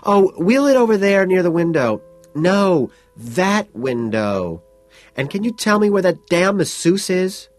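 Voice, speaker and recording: A man's voice: mid-range voice, sing-song, takes it slowly, husky, faint music behind, voice pushed up, full character voice. A man voicing a whiny, demanding, pampered wealthy young woman in an audiobook. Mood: whiny, bossy. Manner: whining, demanding. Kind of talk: audiobook character voice.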